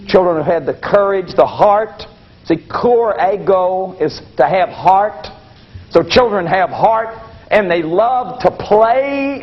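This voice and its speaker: An older man giving a lecture to an audience, folksy and anecdotal with self-deprecating humor. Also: high-pitched. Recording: dull lo-fi broadcast recording.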